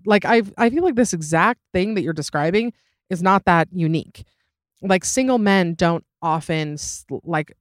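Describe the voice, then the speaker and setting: A woman's voice: lowish voice, dry recording, clean studio sound. A woman hosting a podcast, chatting casually and giving advice, rambling with lots of fillers, restarts and giggly asides. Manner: rambling, many fillers and self-corrections. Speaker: podcast host.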